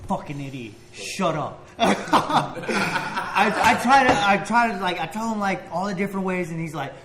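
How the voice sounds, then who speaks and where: A man's voice: high voice, measured pace. A man telling a story on a podcast, laughing and swearing his way through it in a casual chat. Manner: animated, profane storytelling with laughter. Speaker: podcast co-host. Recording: echoey room with loud background noise.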